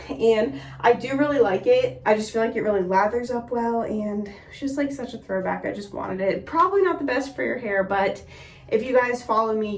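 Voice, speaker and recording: A young woman giving a casual hair tutorial in a chatty, friendly way with lots of fillers, slightly out of breath. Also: medium pitch. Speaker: beauty vlogger. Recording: roomy echo, mic a bit distant.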